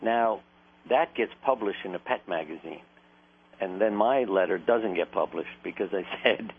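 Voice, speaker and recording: A man's voice: fairly low pitch, moderate pace. A man, a doctor, telling stories in an earnest, anecdotal way and laughing now and then. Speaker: doctor, interview guest. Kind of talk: conversational storytelling. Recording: tinny phone-line sound with faint noise.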